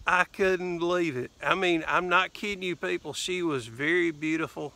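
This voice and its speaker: A man's voice: high-pitched, moderate pace, creaky, few pauses, sharp tone, no room sound. A man with a Southern US accent telling a rambling, casual story in his vlog, with lots of fillers and "anyway.". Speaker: vlogger.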